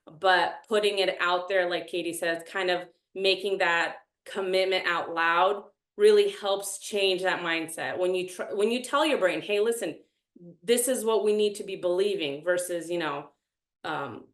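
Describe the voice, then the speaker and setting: Animated woman in an echoey room. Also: fairly low pitch. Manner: animated, self-dramatizing. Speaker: reality show contestant. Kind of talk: casual group chat.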